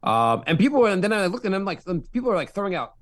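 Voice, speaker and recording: A man's voice: high voice, big pitch swings, racing, no echo, studio quality. A man co-hosting a podcast, joking around in casual banter and acting out quoted voices. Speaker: podcast co-host.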